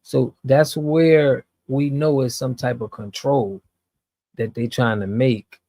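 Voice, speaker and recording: A man's voice: medium pitch, fairly even intonation, takes it slowly, warm tone, dry recording. An American man hosting, giving earnest reaction commentary with repeated restarts. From United States. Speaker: host.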